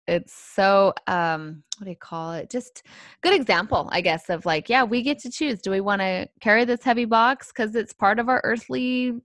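A woman in a casual faith chat, speaking in a reflective, soft-spoken way with some fillers. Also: medium pitch, normal speed, dry recording, studio quality.

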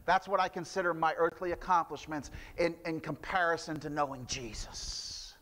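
A man's voice: fairly high pitch, fairly even intonation, moderate pace, few pauses, bright, forceful tone, long reverb tail. A man preaching a sermon, telling stories with frequent restarts and fillers. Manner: storytelling with repeated restarts and fillers. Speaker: pastor.

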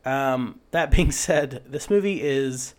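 A man's voice: mid-range voice, slow, a little mellow. A man with a head cold co-hosts a laid-back film chat, with a mid-range voice. He rambles, jokes and drops the odd swear as he talks over his co-host. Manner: rambling, jokey, swears casually. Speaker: podcast co-host. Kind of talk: casual movie review chat.

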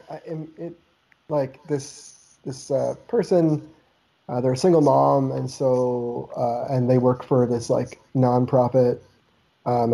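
A man's voice: mid-range voice, dark tone, rough recording. A man from Canada chatting casually on a podcast, rambling and loose with lots of "like" and offhand swearing. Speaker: podcast co-host. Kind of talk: casual chat.

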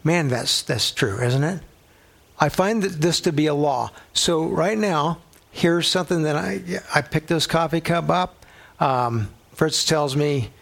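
A man's voice: fairly high pitch, expressive, normal speed, creaky, a bit bright. A middle-aged male pastor teaching a sermon in a conversational way, telling personal stories and using a coffee cup as a prop.

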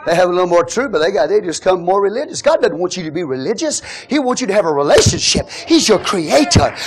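Fervent high-pitched preacher man. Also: very animated, fast, hardly any pauses, slight background noise. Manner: fervent, shouting praise; quieter teaching tone. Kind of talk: Pentecostal sermon.

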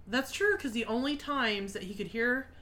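A woman's voice: on the high side, normal speed, bright, forceful tone. A woman co-hosting a podcast in casual chat, chiming in with short reactions and additions. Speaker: podcast co-host.

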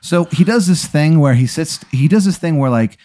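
A man hosting a comedy podcast, spinning an improvised absurd scenario in a rambling, deadpan way full of fillers. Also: on the high side, normal speed. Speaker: podcast host. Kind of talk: improvised comic storytelling.

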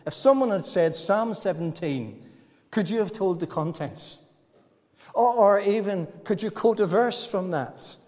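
A man's voice: high voice, a little mellow. A man preaching a sermon in a church, talking to the congregation in a folksy, good-humored way. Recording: church hall reverb.

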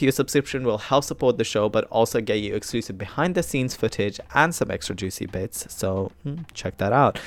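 A man hosting his podcast, chatty and animated, swinging from loud bursts to quiet asides. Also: medium pitch, no echo. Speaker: podcast host. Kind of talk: solo podcast intro.

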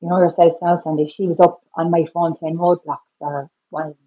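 Middle-aged woman, Irish accent, slightly low voice, podcast guest, emotional storytelling, repeats herself, acts out dialogue. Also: level tone, normal speed, breathy edge, narrow, tinny audio. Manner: repeats "I said" constantly, re-enacts dialogue with rising voice.

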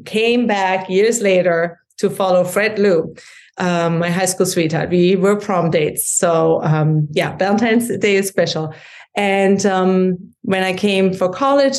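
A German woman in her forties, founder of a kitchen organizing business, chats as a guest on a podcast in a casual interview. She has a German accent and a lowish, darkish voice, saying "um" often and laughing easily.

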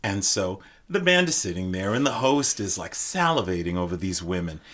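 An older man, a drummer, telling stories as a guest in a casual podcast chat, animated and quick to laugh. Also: low voice. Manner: animated storyteller, bursts into laughter.

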